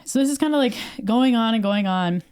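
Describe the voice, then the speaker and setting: A woman's voice: fairly high pitch, animated, fairly quick, a little mellow, smooth. A young adult woman from Canada, co-hosting a podcast and telling a story in casual chat, acting out quoted dialogue with lots of fillers. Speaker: podcast co-host.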